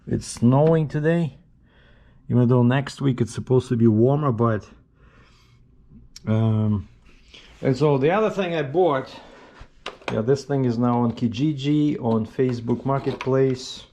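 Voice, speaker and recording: Man, casual vlog chat, rambling with fillers, mid-pitched voice, faint background noise. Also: measured pace, pauses often, dark tone. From Russia. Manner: rambling, with many fillers and self-corrections. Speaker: trucker vlogger. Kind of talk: casual talking-to-camera vlog.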